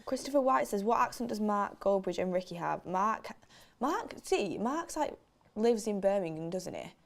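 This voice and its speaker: Teasing woman co-host, lively chat. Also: mid-range voice, creaky. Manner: lively, teasing, quick to laugh. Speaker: co-host reading viewer chat. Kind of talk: casual chat during a match watchalong.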